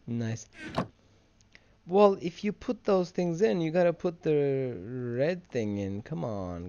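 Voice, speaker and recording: A drowsy man drifts through loose gameplay commentary, wandering from one thing to the next. His voice is dark and gravelly with a lot of fry, and he speaks slowly. He sounds like he has been yawning all day. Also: medium pitch, dull audio. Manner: rambling, drowsy, easily distracted. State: sleepy, yawning. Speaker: gamer and video host.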